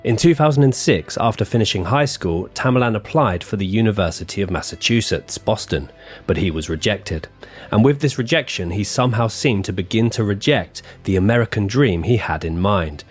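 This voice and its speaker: A man's voice: fairly low pitch, animated, a little fast, breathy edge, soft background music. A man co-hosting a true-crime podcast, reading his script with offhand asides and banter. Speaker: podcast co-host.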